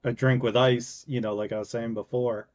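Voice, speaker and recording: A man co-hosting a podcast in relaxed casual chat, his sentences often trailing off quietly. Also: mid-range voice, normal speed. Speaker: podcast co-host.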